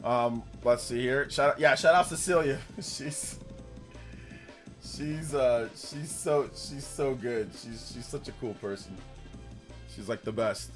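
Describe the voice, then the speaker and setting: A man's voice: mid-range voice, slow pace, faint music behind. A young man streaming a video game live, chatting casually, rambling and repeating himself and laughing easily.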